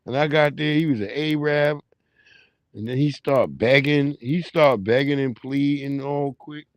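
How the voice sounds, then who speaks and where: A man's voice: mid-range voice, fairly even intonation, measured pace, dry recording. Profane, laughing man telling stories. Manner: profane, laughing storyteller greeting his chat. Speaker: livestream host. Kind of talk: casual livestream chat.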